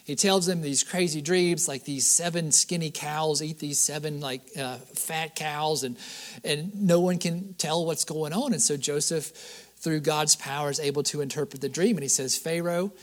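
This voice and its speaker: A man preaching a sermon, retelling a Bible story in a lively conversational way with frequent asides. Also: on the high side, moderate pace. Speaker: pastor.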